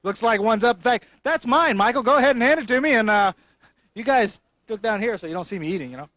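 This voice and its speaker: A wisecracking male TV reporter out at a fair, talking into a handheld mic. His voice sits very high for a man and rings bright and forceful. He keeps his banter playful and loose. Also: animated, fast, no echo. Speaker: roving TV reporter. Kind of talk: jokey on-location fair reporting. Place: outdoors at a county fair.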